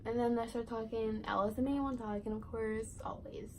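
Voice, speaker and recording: A woman's voice: fairly high pitch, steady tone, fairly quick, a little hiss or hum, rough recording. Giggly rambling teen girl. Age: teens. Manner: rambling, giggly, full of likes and rights. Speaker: vlogger. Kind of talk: casual storytime chat.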